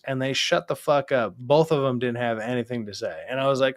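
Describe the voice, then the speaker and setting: A man guest on a livestream, telling gaming stories in a halting way, full of restarts and blunt swearing. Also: mid-range voice, steady tone, dry recording, clean studio sound. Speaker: guest gamer. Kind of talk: casual chat.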